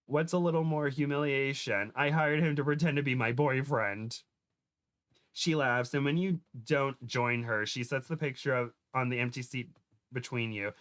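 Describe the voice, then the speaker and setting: A man hosting a comedy podcast, reading fan fiction aloud with stumbles, giggles and quick shifts into character voices. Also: medium pitch, a bit bright.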